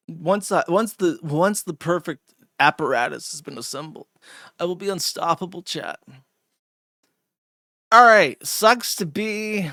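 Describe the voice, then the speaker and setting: A man's voice: on the high side, a bit bright, no room sound. A man hosting a livestream, rambling through crude, sardonic commentary with lots of fillers, close to a desk mic. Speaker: streamer and host.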